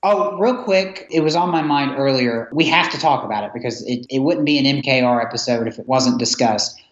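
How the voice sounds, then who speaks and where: A man's voice: medium pitch, a little fast. Giggly man in an echoey room. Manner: laughs often, animated retelling of scenes. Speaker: podcast co-host. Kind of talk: casual film discussion. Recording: echoey, dull lo-fi sound.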